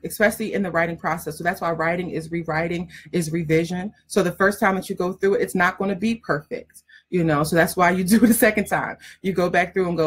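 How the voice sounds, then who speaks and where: A woman's voice: fairly low pitch, steady tone, fast talker, slightly rough. A woman writing coach giving casual, direct teaching talk, emphatic and frank, laughing often.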